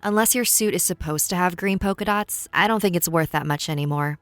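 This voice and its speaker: A woman's voice: on the low side, a little fast, no echo, soft background music, natural voice. A woman playing a dry, practical stranded driver. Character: practical woman in unicorn costume.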